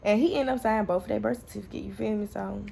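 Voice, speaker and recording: Gravelly young woman vlogger, candid and profane. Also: mid-range voice, fast, slight background noise. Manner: candid, profane, animated retelling with quoted dialogue. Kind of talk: casual storytelling to camera.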